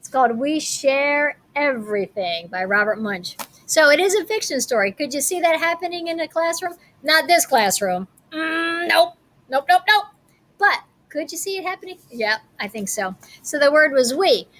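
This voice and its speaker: A woman's voice: high voice, moderate pace. Playful woman reading a picture book aloud. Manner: playful, expressive. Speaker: teacher.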